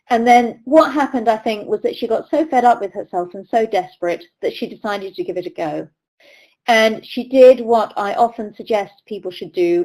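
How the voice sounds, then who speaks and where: A middle-aged UK riding coach speaks in a mellow, medium-pitched voice as she gives a webinar lecture. She tells stories and mimics the voices of people she quotes, and the recording quality is low.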